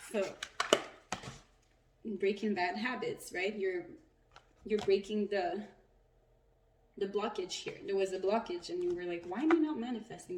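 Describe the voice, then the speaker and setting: A woman giving a casual tarot reading, chatty and animated, who laughs and swears often. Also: medium pitch, roomy sound, recorded from a distance, heavy background noise. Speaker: tarot reader.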